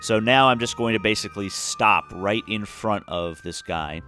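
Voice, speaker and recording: A tired, yawning man gives casual let's-play commentary on a space game, rambling with plenty of fillers and restarts. His voice sits on the low side, bright and forceful, at a normal speed. Soft music plays in the background.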